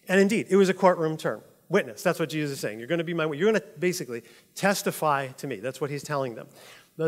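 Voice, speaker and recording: Chatty man preaching in a reverberant hall. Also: a little high. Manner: chatty, laughs often, says "like" and "right?" a lot. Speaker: pastor. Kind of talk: casual conversational sermon.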